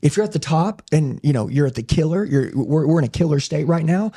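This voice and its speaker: A man's voice: on the high side, expressive, a little fast, warm tone, breathy edge. A middle-aged man telling his life story as a podcast guest, intense and emphatic, swearing casually. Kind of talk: conversational interview storytelling.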